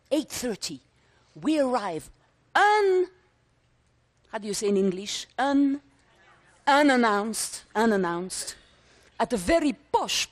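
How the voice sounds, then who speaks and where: A woman in her sixties performs a story on stage. She is theatrical and emphatic, piling up vivid lists and repeating words for effect. Her intonation leaps about a great deal, in a slightly high voice. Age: 60s. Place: conference stage before a live audience.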